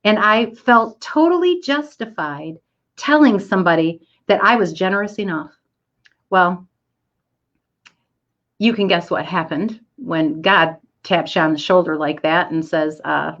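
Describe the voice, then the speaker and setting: Middle-aged woman, lowish voice, animated storyteller in a talk; slightly muffled recording. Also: measured pace. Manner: animated, acts out quoted voices. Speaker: speaker giving a talk. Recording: dull lo-fi audio.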